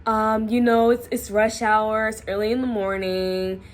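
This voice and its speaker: A young woman quoting her calm, matter-of-fact middle-aged mother in a relaxed way. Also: medium pitch, unhurried, lightly acted. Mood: unbothered.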